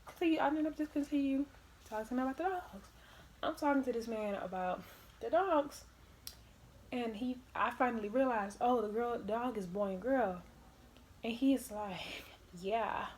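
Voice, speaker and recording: A young woman vlogger telling casual stories in an animated way, laughing often and swearing freely. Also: fairly high pitch, normal speed, slight background noise. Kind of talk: casual storytime.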